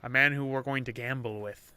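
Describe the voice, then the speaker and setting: A man's voice: medium pitch, fairly even intonation, fairly quick, sharp tone, smooth. A young man casually commenting on a game he plays, chatty and playful, often trailing into mumbles. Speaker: let's-play host.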